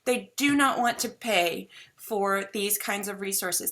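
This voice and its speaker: A woman in her thirties chats on a podcast with a bright, crisp tone. She tells stories in a loose, talkative way and laughs easily along the way. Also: mid-range voice. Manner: chatty, laughs while telling stories. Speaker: podcast guest, stand-up comedian. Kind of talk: casual podcast chat.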